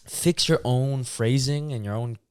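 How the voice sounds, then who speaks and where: A man's voice: mid-range voice, measured pace, smooth, dry recording, studio quality. A young man co-hosting a podcast, talking casually and rambling with lots of fillers. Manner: relaxed, rambling, many fillers. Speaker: podcast co-host. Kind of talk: casual chat.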